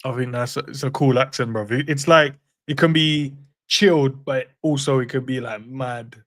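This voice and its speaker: A man's voice: mid-range voice, steady tone, normal speed, a bit bright, no room sound, clean studio sound. A man, co-hosting a casual live chat, laid-back and laughing often. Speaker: co-host.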